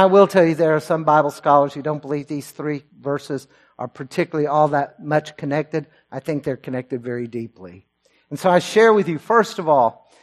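High-voiced preacher with big swings. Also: male voice. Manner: swells loud and high on scripture quotes, drops low and quiet on personal asides. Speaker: pastor. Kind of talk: sermon.

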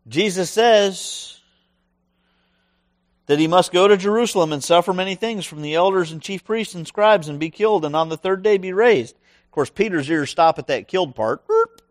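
High-voiced middle-aged male preacher. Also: normal speed, no echo, clean studio sound. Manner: conversational, animated, asks the audience questions. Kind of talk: sermon.

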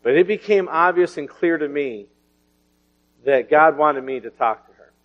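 A man preaches a testimony sermon, his slightly high voice rising and falling as he laughs through his stories. The recording sounds dull and lo-fi. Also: normal speed. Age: 40s. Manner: folksy storytelling with laughter and swings in volume.

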